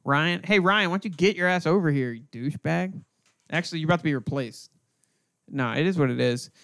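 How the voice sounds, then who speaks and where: Gravelly man, casual podcast host. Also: fairly high pitch, a little fast, fairly bright tone. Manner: loose, joking, profane banter.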